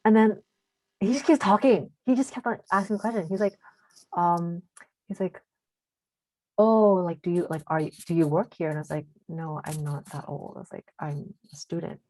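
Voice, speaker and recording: A teenage girl with a deep voice, chatting casually as a podcast co-host and telling a story, full of fillers and switching into Cantonese now and then. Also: normal speed, long pauses, warm tone, no echo. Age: teens. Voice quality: deep voice for a woman.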